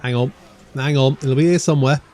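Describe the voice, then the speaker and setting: A man's voice: medium pitch, steady tone, fairly quick, darkish tone. A man giving rambling, chatty let's play commentary, thinking aloud and muttering to himself as he plays. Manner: rambling, chatty, wanders off on tangents. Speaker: gaming YouTuber.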